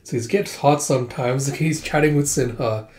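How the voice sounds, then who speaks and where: A man's voice: medium pitch, normal speed, a little mellow. A man casually reading through a comic aloud, retelling panels with lots of fillers. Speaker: comic readthrough host. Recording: roomy echo.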